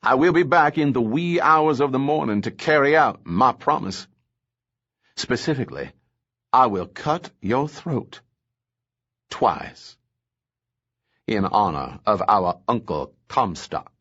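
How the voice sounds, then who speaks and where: A man's voice: medium pitch, animated, slow, pauses often, a bit bright, dull audio, voice pushed up, exaggerated voice. A man voicing a cold, self-satisfied male villain who speaks in a languid, mannered way. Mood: menacing.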